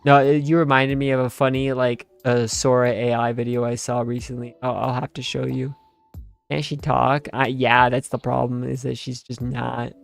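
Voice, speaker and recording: A young man with a gravelly, fry-edged voice, ranting and joking in loose slang. He sounds tired and half asleep, with faint music playing underneath. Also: mid-range voice, flat delivery, moderate pace. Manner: rambling, sarcastic, slangy, full of fillers. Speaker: streamer reacting to a game story. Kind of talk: casual rambling commentary.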